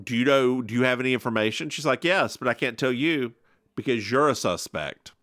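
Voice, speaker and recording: A man's voice: mid-range voice, brisk, no room sound, clean studio sound. A man co-hosting a podcast in a casual chat, retelling an episode with lots of laughs and acted-out quotes. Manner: giggly, animated storyteller, acts out quotes. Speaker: podcast co-host recapping an episode.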